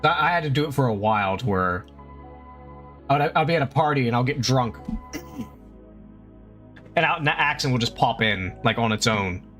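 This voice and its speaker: A man's voice: medium pitch, expressive, normal speed, long pauses, fairly bright tone, faint music behind. A man streaming live, chatting casually while he draws. He rambles, laughs often and swears freely.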